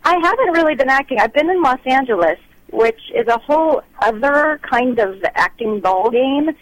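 A woman's voice: high-pitched, lively intonation, normal speed, poor audio. A woman actress being interviewed, talking in a bubbly, chatty way over a remote line.

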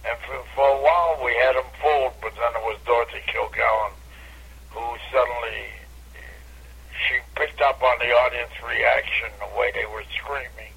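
An older man, a comedian, telling animated stories from his career in a casual radio interview over a phone line. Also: moderate pace, vocal fry, husky. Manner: animated anecdote teller, bursts into high catchphrase. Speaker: comedian guest.

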